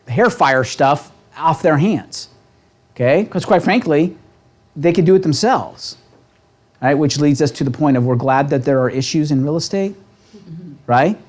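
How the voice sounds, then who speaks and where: A man leading a real estate training seminar, talking with a lively, coaching manner and checking in with the room constantly. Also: a little high. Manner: animated, asks the room constant "right?" questions. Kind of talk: motivational seminar talk. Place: seminar room with a live audience.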